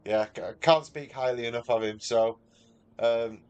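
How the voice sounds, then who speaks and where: The recording is muffled, though the man's medium-pitched voice comes across clear and resonant at a normal speed. A Manchester livestreamer with a Mancunian accent, he chats casually with viewers and reads their messages matily.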